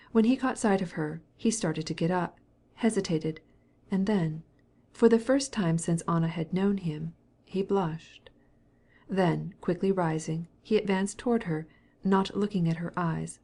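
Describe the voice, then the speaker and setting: A woman narrating an audiobook of a classic novel in a calm, measured reading. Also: fairly low pitch.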